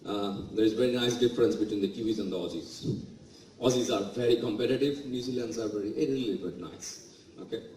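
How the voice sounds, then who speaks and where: A man's voice: fairly low pitch, fast, warm tone, a little hiss or hum. Bangladeshi man speaking in an echoey hall. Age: 40s. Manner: storytelling, acting out quoted remarks. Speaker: guest speaker. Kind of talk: motivational speech. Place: large event hall. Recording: echoey hall, mic at a distance.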